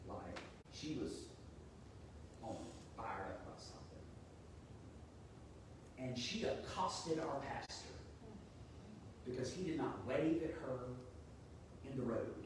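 A man's voice: medium pitch, slow, pauses often, heavy reverb, recorded from a distance, noisy background. A man preaching a sermon in a conversational, storytelling way. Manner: conversational, storytelling, animated when quoting. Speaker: pastor.

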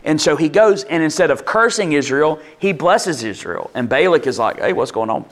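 A man gives a sermon in an easy, conversational way. His voice sits a little high for a man. He breaks off into asides and brings quoted lines to life. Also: lively intonation, normal speed. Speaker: pastor.

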